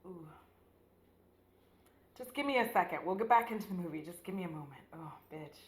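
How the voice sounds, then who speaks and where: This beauty vlogger's voice sits on the low side, animated and brisk, bouncing around an echoey room at home. She chats and swears while applying makeup, joking through a movie recap and performing the scenes.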